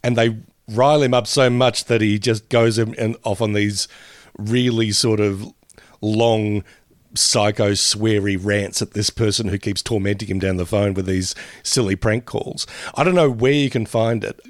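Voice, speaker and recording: A man's voice: lowish voice, fairly even intonation, dry recording. A man, co-hosting a casual podcast chat, rambling and laughing often. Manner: rambling, laughs often, drifts into quick impressions. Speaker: podcast co-host.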